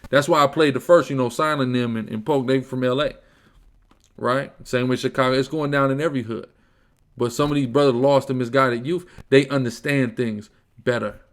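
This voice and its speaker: A man's voice: medium pitch, steady tone, normal speed. A man co-hosting a livestream Bible class who talks in street slang, laughs often, and answers viewer comments with insults. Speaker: co-host reading viewer comments.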